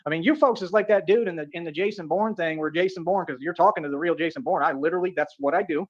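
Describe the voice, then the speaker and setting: A man from delivers a rapid, swaggering rant. He keeps circling back to the same boasts and pet phrases. The audio is muffled and lo-fi. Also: high voice. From Atlanta, United States. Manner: boastful, repetitive, keeps saying "real talk".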